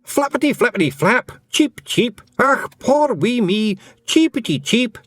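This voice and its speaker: A man voicing a tiny, wild, brawling fairy man with a Scottish accent and a squeaky, shrill, yelling voice. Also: animated, unhurried, no echo, studio quality, faint music behind, full character voice. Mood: mock-birdlike.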